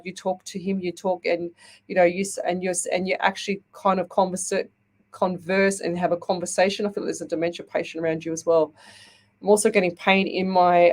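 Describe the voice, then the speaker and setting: Woman, slightly low voice, chatty live psychic host who reads out viewer comments and pauses often. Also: a little mellow. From Australia. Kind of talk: live-stream psychic readings.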